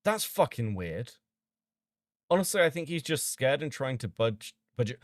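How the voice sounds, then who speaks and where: A man streaming casually as he reads out chat logs and reacts with sudden loud disbelief and swearing. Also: medium pitch, sing-song, normal speed, dry recording, studio quality.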